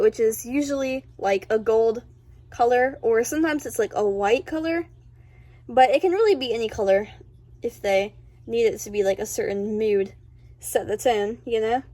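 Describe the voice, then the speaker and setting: A woman's voice: on the high side, no room sound. A woman talking chattily over a speedpaint video, bubbly and rambling, with lots of filler words. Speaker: art channel host.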